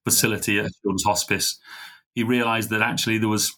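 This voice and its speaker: A middle-aged man, a podcast guest, telling a heartfelt story in an earnest, halting way. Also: on the low side, level tone, pushed and bright. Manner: earnest, halting, full of fillers and restarts. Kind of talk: conversational storytelling.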